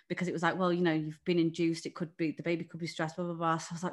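A woman's voice: low voice, little pitch movement, racing, few pauses. A woman in a candid casual chat, telling a story animatedly, acting out the people she quotes and swearing freely. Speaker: guest sharing birth story.

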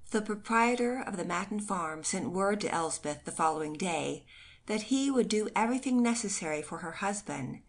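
A woman reading a classic storybook aloud in gentle, steady scripted narration. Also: lowish voice. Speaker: audiobook narrator.

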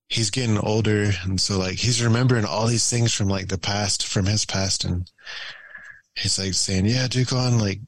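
A young man telling stories in a relaxed, rambling way as a podcast guest, full of fillers and laughs. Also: on the low side, dry recording, rough recording. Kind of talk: casual storytelling chat.

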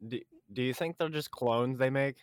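A young man co-hosting a casual podcast, relaxed and swearing, tossing in quick jokey remarks. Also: medium pitch, smooth, no room sound, studio quality. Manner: laid-back, swearing, quick jokey interjections. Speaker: podcast co-host. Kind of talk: casual chat.

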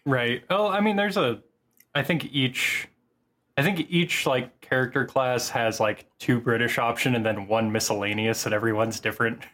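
A man co-hosting a gaming podcast, speaking over a call from a home mic. He has an ordinary mid-range pitch for a man. He talks bluntly and crudely, and he rambles with many fillers. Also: moderate pace, fairly bright tone. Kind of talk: casual chat.

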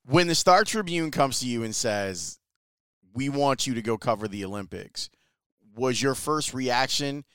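A man's voice: medium pitch, animated, unhurried, a bit bright, clear, resonant tone, no echo, clean studio sound. A man interviewing a guest, asking direct, conversational questions.

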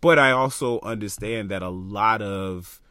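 Young male podcast co-host, low-pitched, passionate, thinks out loud, close dry mic. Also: a little slow, clear, resonant tone, no room sound. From Florida, US. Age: young adult. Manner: passionate, animated, talks through ideas with many fillers. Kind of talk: casual chat.

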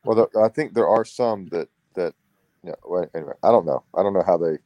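A man's voice: low voice, quick pace, dark tone, no echo, highs cut off. A man, hosting a casual conversation and telling rambling stories. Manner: rambling storyteller. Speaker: podcast host.

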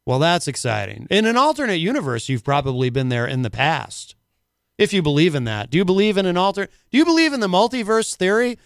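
A man's voice: high-pitched, sing-song, a little fast, gravelly, clear, resonant tone, dry recording, studio quality. A man hosting a casual talk radio show, rambling and full of filler words.

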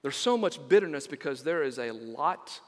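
A man's voice: on the high side, animated, moderate pace, in a large hall. A middle-aged man, preaching a sermon as pastor, telling stories and repeating words for emphasis.

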